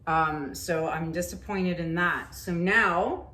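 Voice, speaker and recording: Woman, painting vlogger, slow and lowish, frustrated self-talk, echoey studio with faint background noise. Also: bright, forceful tone. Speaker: acrylic pour painting vlogger. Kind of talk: casual talk while painting. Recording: roomy echo, faint ambient noise.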